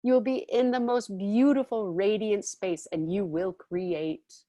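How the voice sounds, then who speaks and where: A woman's voice: medium pitch, a little slow, mellow, no room sound. A woman teaching a class in a casual, chatty way, often checking in with her listeners. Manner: chatty, often checks in with "okay?" and "all right?".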